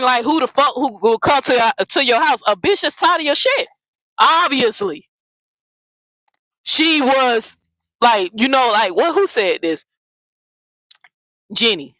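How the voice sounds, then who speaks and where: A woman's voice: sits high, expressive, unhurried, long pauses, bright, forceful tone, dry recording, poor audio. A woman hosting a commentary channel, ranting bluntly and profanely, often repeating herself. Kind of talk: heated casual commentary rant.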